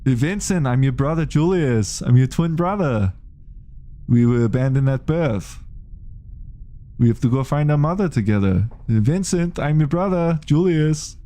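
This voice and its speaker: A man's voice: fairly high pitch, animated, unhurried, dark tone, pitched above the performer's own voice. A man doing a comedic impression of a big-hearted muscleman twin brother from a film, in a heavy drawl. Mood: goofy earnest.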